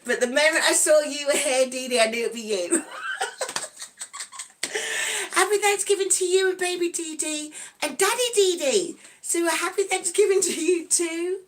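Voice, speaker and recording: A cheerful woman in her sixties chats on a live stream with a high, bright voice. She giggles between lines and greets her viewers one by one in a friendly, rambling way. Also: normal speed, hardly any pauses, a little hiss or hum. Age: 60s. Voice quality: giggly, breaks into snatches of song. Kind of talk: casual live-stream chat.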